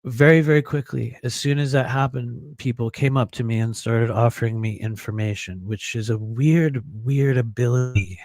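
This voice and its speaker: A man telling a personal story in a casual monologue, animated, acting out quoted voices and laughing often, with many fillers and restarts. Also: mid-range voice, moderate pace, few pauses, no room sound. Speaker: podcast host.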